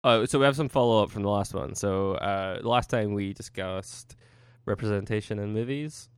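A man co-hosting a casual podcast in a fairly low, smooth, clear voice. He steers the conversation with frequent uh and um fillers. The sound is dry and close, from a computer mic. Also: moderate pace, no echo. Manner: steady, organizing, with many uh and um fillers. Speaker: podcast co-host. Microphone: computer mic on a Skype call.

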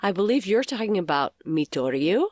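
Woman with a lower, husky recovering voice. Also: big pitch swings, moderate pace, a little mellow, dry recording, clean studio sound. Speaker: podcast co-host. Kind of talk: casual chat. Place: home closet.

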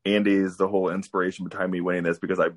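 Man, husky low voice, lively anecdote on a podcast. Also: very fast. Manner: animated storyteller, laughs while telling. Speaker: guest wrestler. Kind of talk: casual podcast storytelling.

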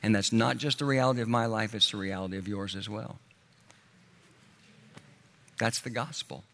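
A man preaching a sermon in an earnest way, slowing down and dropping his voice on key words. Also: steady tone, creaky, pushed and bright, slight background noise. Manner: earnest, slows and drops low on key words. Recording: long hall reverb.

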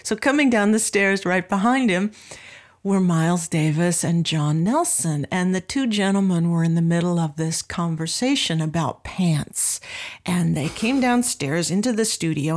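A woman's voice: on the low side, lively intonation, moderate pace. A woman in her sixties, a music producer and professor, telling a story in an interview and acting out the voices of the people in it. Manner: vivid storyteller who acts out quoted voices.

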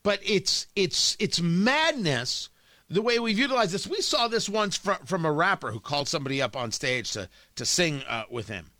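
A man's voice: high voice, very animated, normal speed, bright, forceful tone, dry recording. A man delivering an emphatic opinion monologue as a talk host, often repeating words as he builds a point.

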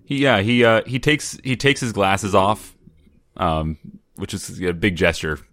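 A man co-hosting a casual podcast chat with quick, wry banter. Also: on the low side, animated, a bit bright, no echo. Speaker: podcast co-host.

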